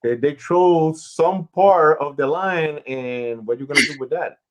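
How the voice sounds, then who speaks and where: A man hosting a radio interview show, who also manages talent, giving long advice in a casual, explaining way. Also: fairly high pitch. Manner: slow, advising, explains at length.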